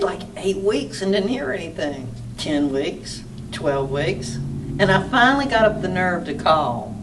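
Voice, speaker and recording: In an arts council interview room, a middle-aged Southern author from Mississippi tells animated anecdotes, acting out dialogue and laughing often. Her voice is medium-pitched, picked up by a distant mic with faint background noise.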